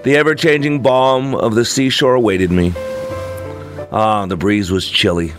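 Man, reflective story reading, low voice, soft music underneath. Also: fairly even intonation, a little slow. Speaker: narrator. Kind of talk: first-person story reading.

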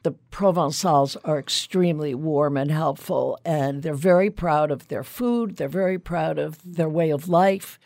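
A woman author being interviewed in a radio studio, telling her stories briskly and eagerly. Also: low-pitched, darkish tone, no echo. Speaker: author guest.

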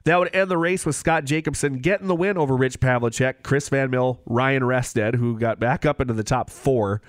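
A man co-hosting a podcast, running through race results and standings in a casual, brisk way. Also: medium pitch, no room sound, studio quality. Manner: brisk, reads standings and lap details, laughs easily.

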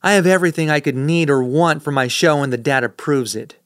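A man's voice: a little high, brisk, no echo. A man narrating a first-person audiobook in a dry, sardonic manner, recorded on a close studio mic.

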